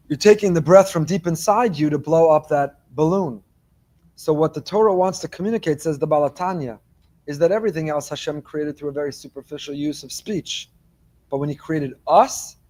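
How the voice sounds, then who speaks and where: A man, a rabbi, giving a morning Torah class with lively delivery and joking asides to his listeners. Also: fairly high pitch. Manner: animated, joking asides to the congregation.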